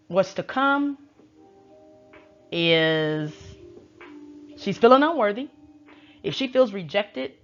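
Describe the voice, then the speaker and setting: A woman's voice: lowish voice, lo-fi sound. A woman tarot reader giving opinionated casual commentary, emphatic and repeating her points for effect. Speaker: tarot reader and reality show recapper.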